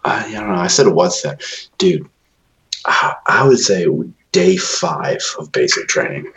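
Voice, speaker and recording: A man's voice: sits low, very animated, measured pace, creaky, fairly bright tone. A man in casual chat, telling army stories with lots of swearing and laughter. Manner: profane, laughing, military-style banter.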